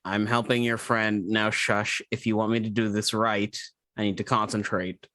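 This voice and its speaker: A man playing a tabletop game with dry, deadpan humor. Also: lowish voice, moderate pace, no echo. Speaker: player.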